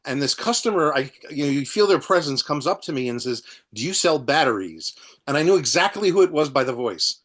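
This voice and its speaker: Stammering storyteller man, slightly high voice. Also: expressive, quick pace, few pauses, fairly bright tone. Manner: repeats words as he starts sentences, dry jokes. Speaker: film club host. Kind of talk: casual group chat.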